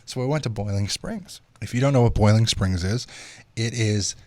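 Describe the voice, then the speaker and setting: A man's voice: fairly low pitch, moderate pace, dry recording. Profane young man hosting a chat podcast. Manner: loose and profane, storytelling. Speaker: podcast host.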